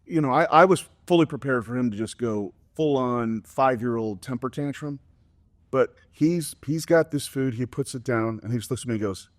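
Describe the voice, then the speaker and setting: A middle-aged man telling a family story on a podcast, with lively pitch jumps whenever he quotes someone. His voice sits in a middle register and sounds close and dry, with no room echo. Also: moderate pace. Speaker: podcast co-host, father. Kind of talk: casual storytelling chat.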